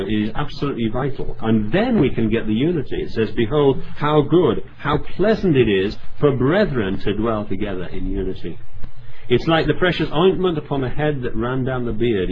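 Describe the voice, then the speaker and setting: A man preaching a sermon, reading scripture aloud and driving home points with earnest emphasis and asides. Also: lowish voice. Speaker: pastor. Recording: slightly dull sound with faint background noise.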